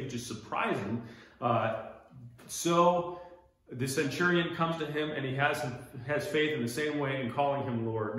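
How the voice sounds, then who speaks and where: A man's voice: medium pitch, a bit bright. A man with an American accent leading a casual Bible study lesson in a church room, explaining as he points along a map, with frequent restarts. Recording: very echoey room.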